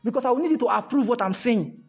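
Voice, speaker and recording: A Nigerian man giving a motivational talk to a live audience, animated and fond of repeated rhetorical questions, slipping into pidgin. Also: extremely high pitch, fast talker, faint music behind. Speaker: motivational speaker.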